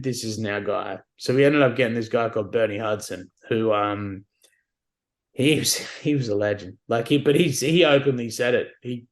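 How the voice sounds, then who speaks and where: A man in his forties, a podcast guest telling candid, wry stories in casual conversation, often adding "like" and "you know what I mean". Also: medium pitch. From Australia.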